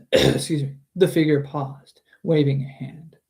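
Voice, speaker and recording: Slow, chatty man reading a novel and commenting on it, slightly high voice. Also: steady tone, gravelly, darkish tone. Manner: chatty, with frequent restarts. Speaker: book reader and streamer. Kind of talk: casual book reading with commentary.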